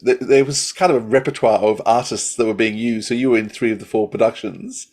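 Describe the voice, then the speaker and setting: A man's voice: mid-range voice, steady tone, fairly quick, a little mellow. A man hosting a podcast, asking rambling, complimentary questions of his guest. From Australia. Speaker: podcast host. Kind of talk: podcast interview.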